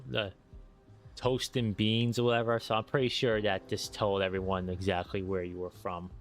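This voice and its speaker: An American man chats casually while streaming, opinionated but easygoing. His voice sits on the low side. Faint game music runs behind him. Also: level tone, moderate pace. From United States. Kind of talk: casual chat while gaming.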